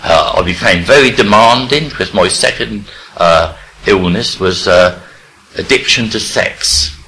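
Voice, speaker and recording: An older man from England, telling his life story in a rambling, halting way with many restarts. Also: on the low side, pushed and bright, a little hiss or hum, low-quality recording. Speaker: recovery speaker sharing his story. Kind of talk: personal storytelling.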